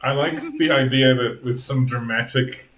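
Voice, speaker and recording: A man's voice: mid-range voice, steady tone, moderate pace, a bit bright, a little hiss or hum. Playful man running the game. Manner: playful, laughing narration. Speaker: dungeon master.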